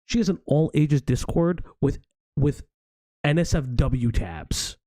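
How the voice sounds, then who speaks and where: Indignant man ranting with a dark voice. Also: a little high, expressive, takes it slowly, dry recording. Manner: indignant, swearing, rising to exasperated outbursts. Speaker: stream host reacting to a video. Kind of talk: heated commentary.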